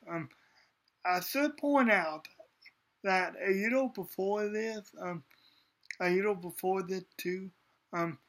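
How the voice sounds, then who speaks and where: A man's voice: on the high side, fairly bright tone. A man giving a casual spoken anime review, hesitant, with many ums and restarts.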